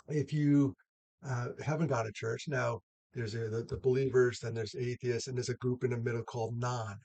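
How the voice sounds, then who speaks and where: Gravelly earnest man. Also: mid-range voice, steady tone, normal speed, a little mellow. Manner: rambling, earnest, laughs often. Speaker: mental health advocate. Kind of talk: casual talk to camera.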